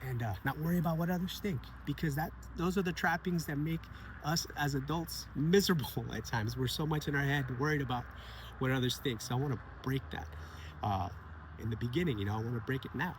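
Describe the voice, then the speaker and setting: A man's voice: medium pitch, fairly quick. Man, mid-range voice, heartfelt casual storyteller, faint hum behind. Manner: earnest, animated, repeats phrases and laughs often. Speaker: vlogger sharing personal stories.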